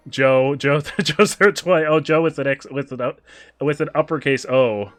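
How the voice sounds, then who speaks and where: A man streaming a game, chatting casually with viewers, excitable and quick with asides. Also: on the high side, soft background music. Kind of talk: casual gameplay chat with viewers.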